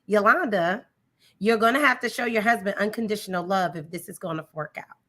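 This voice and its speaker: A woman's voice: mid-range voice, a little fast, sharp tone. A woman guest, telling her marriage story and acting out the dialogue. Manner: storytelling, acts out dialogue, laughs easily. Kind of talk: candid testimony in interview.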